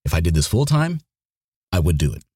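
A man's voice: deep voice, very animated, brisk, a little mellow, slightly rough, dry recording, studio quality. A man who narrates audiobooks, talking casually in an interview, rambling and restarting his sentences often. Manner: rambling, with many restarts and repeated words.

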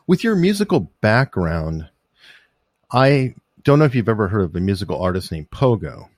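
Low-voiced man asking curious questions. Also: very animated, moderate pace, a little mellow, no echo, studio quality. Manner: curious, long winding questions. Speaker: interviewer. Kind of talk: conversational interview.

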